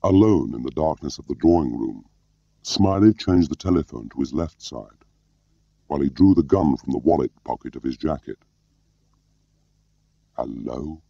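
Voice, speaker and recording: A male audiobook narrator reads in a measured, even way. His voice is extremely deep and dark, with a gravelly edge. The recording is dry and muffled. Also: dry recording. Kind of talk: scripted narration.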